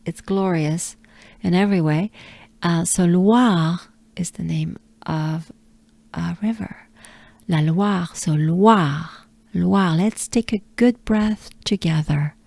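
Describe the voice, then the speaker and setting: A woman's voice: lowish voice, takes it slowly, gravelly, mellow, dry recording. A woman from France with a French accent giving a patient pronunciation lesson, repeating sounds and coaching breathing, sometimes dropping to a whisper. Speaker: pronunciation teacher.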